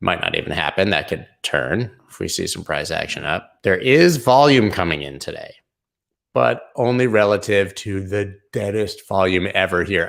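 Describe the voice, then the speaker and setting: Man, deep voice, gravelly fry, casual rambling chart talk, slangy live-stream host. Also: normal speed, a bit bright. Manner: loose, rambling, slangy, hums and sings snippets. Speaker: crypto show host.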